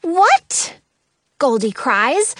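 A woman's voice: a little high, big pitch swings, no echo, studio quality. A woman voicing a spirited girl who snaps back earnestly in a storybook reading. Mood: upset. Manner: quick to snap back, earnest.

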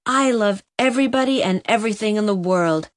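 A woman's voice: mid-range voice, fairly quick, lightly acted. A woman voicing an eager, tender-hearted young boy in a storybook reading. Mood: excited. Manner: eager, breathless pleading.

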